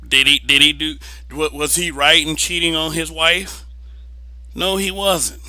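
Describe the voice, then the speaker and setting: A young man rants bluntly in a casual opinion monologue, swearing freely and doubling up words when he drives a point home. His voice sits a little high and cuts through with a hard, bright edge. The sound is dry and close, with no room around it. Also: level tone, unhurried, no room sound, poor audio. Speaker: vlogger giving opinions.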